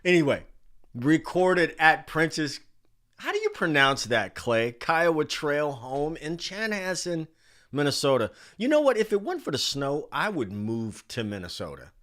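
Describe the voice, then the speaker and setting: A man in his forties hosts a casual livestream countdown, calling out names from the chat. His voice sits a little high, and he takes his time between phrases. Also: a little slow. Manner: animated, reading chat names aloud. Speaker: livestream host.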